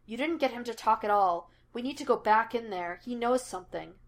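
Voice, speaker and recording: A woman's voice: on the high side, brisk, lightly acted. A woman voicing a stern male police detective who speaks curtly and demands answers, in a read-aloud story. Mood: irritated. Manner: curt, demanding.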